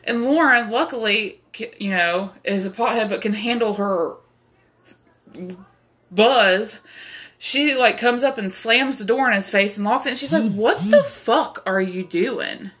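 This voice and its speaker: Her voice runs a little high and fairly bright, and she talks a little slowly. The young woman, a podcast host, is casually telling a meandering personal story laced with profanity and fillers.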